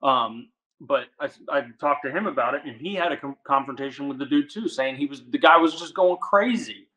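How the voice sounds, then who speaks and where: A man from the Washington DC area, a guest angler, telling a story in casual chat, animated and full of "like". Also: mid-range voice, poor audio. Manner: animated, fast, says "like" a lot.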